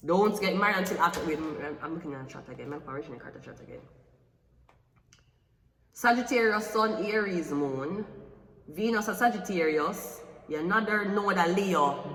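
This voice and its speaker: A woman's voice: fairly low pitch, moderate pace, a bit bright. A woman giving a blunt, emotional tarot reading and swearing freely. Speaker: tarot reader. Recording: echoey room with long reverb, faint music.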